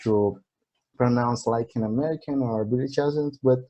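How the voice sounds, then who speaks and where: Brazilian guy hosting a chat in english, mellow warm voice, laughs a lot, restarts a lot. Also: mid-range voice, moderate pace, dull audio. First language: Portuguese. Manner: friendly, laughs often, hesitant restarts. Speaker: channel host, English learner. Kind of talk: casual conversation.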